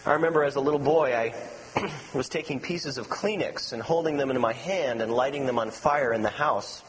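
A man preaching a sermon as pastor, telling personal stories with animation and dropping to a soft, low voice for emphasis. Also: normal speed. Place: church sanctuary. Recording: long hall reverb with faint mains hum.

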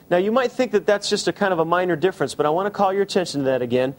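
A man preaching a sermon, asking the congregation direct questions and slowing down for emphasis. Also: sits high. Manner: shifts between quick asides and slow emphasis. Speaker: pastor.

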